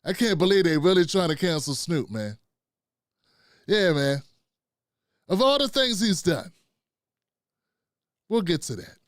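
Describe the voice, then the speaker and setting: This middle-aged host's high voice swings widely in pitch, and he talks a little slowly with long pauses. Loose and chatty on his live stream, he calls out to the chat and producer with plenty of "man" and "fam," all captured in clean studio sound with no room noise.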